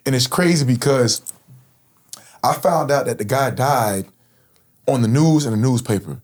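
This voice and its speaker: Man in his 30s, Florida guest; relaxed, slangy storyteller, earnest, mid-pitched voice. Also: moderate pace, pauses often. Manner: casual, slangy, earnest, frequent "bro". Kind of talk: personal storytelling in interview.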